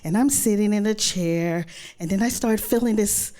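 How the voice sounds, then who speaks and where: A woman's voice: mid-range voice, moderate pace, warm tone. A woman, telling a personal story live, acting out her own thoughts and others' words with sudden jumps in voice.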